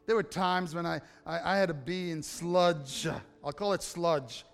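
A man's voice: fairly high pitch, measured pace, creaky, clear, resonant tone. A male pastor preaching a sermon, telling a personal story and acting out the dialogue before building to impassioned appeals to the congregation. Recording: long hall reverb with faint music.

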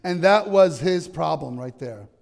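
A man's voice: on the high side, lively intonation, unhurried, creaky, in a large hall. A man preaching a sermon to his congregation, emphatic and often asking them questions. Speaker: pastor. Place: church.

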